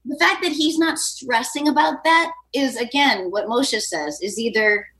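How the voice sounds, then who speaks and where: A woman speaks bluntly and wryly as a comedian guest. She talks in a high voice, giving advice to a caller in a relaxed podcast chat. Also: a little slow. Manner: blunt, wry.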